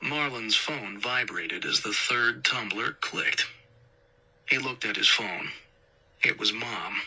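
A man's voice: on the low side, takes it slowly, pushed and bright, breathy edge, rough recording. A man narrating a crime story as an audiobook reader, acting out tense whispered dialogue. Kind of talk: scripted narration.

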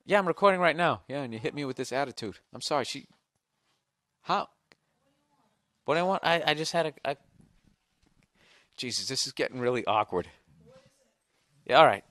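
A man hosting a low-budget podcast, reading listener letters aloud with rambling, profane, wry asides. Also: a bit bright, dry recording. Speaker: podcast host. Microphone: single podcast microphone. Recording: dry close-miked sound.

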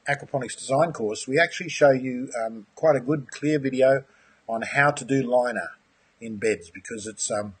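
Male instructor, husky voice, friendly live-webinar teacher who chats with viewers. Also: medium pitch, fairly bright tone. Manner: friendly, enthusiastic, addresses viewers as mate. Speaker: aquaponics course instructor.

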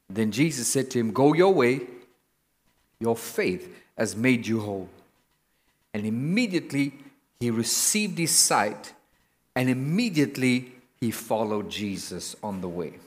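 A man preaching a sermon in a church, slow and emphatic, building to loud exhortation. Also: mid-range voice, animated, in a large hall.

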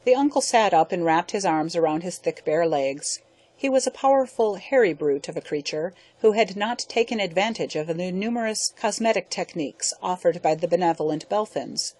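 A woman narrating a science fiction audiobook in a steady, measured reading. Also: on the low side, no room sound. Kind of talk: scripted narration.

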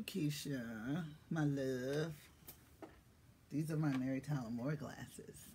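Live-stream host, husky tone, mid-pitched, cussing banter, loud hellos mixed with murmured asides. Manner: swings from quiet asides to loud shouted greetings; profane, joking banter. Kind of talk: casual live-stream chat.

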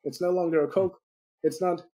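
A man on a podcast tells a client story with energy, slipping into little acted-out voices for the people he quotes. His voice is warm and dark in tone, with a breathy, husky edge. He laughs easily as he goes. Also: sits high, fairly quick, low-quality recording. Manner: animated storyteller acting out quotes; laughs often. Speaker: business consultant guest.

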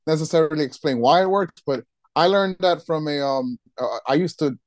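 A man who works as a wedding DJ and MC, giving advice in a casual podcast chat, halting and restarting his sentences often. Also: fairly high pitch, no room sound. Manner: halting, with many restarts and repeated words.

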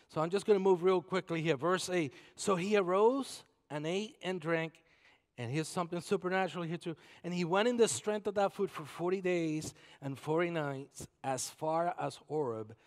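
A man with a high voice preaching a sermon, reading scripture and swinging from a near-whisper to loud, urgent bursts. The sound carries a long church reverb. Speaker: pastor. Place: church sanctuary.

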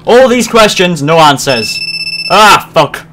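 A man commentating his horror game playthrough, swearing a lot and shouting at the game when it frightens him. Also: high-pitched, lively intonation, slow pace, noisy background. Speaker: let's play host. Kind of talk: gaming commentary.

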